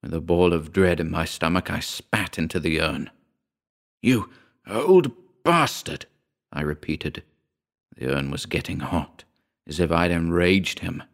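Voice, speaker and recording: A man reading a first-person horror short story aloud in a measured, somber storytelling manner. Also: low-pitched, steady tone, a bit bright. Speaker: audiobook narrator. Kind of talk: scripted horror story narration.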